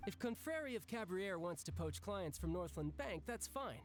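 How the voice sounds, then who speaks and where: Childe, a cocky young banker. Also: male voice, high voice, expressive, moderate pace. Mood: teasing. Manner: smooth, teasing, confident. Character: cocky young male banker, playful and menacing.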